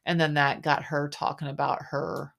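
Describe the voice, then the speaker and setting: A woman's voice: low-pitched, level tone, moderate pace, vocal fry, fairly bright tone. A woman hosting a podcast, chatting casually and rambling with lots of fillers. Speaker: podcast host. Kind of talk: casual chat recapping a reality show.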